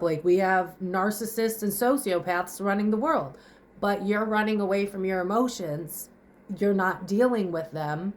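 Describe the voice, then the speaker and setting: A young woman vlogger stands in her kitchen at home, crying and breathless as she vents bluntly to the camera. Her medium-pitched voice carries a slight hiss or hum while she swears and fires off rhetorical questions in a raw confessional monologue.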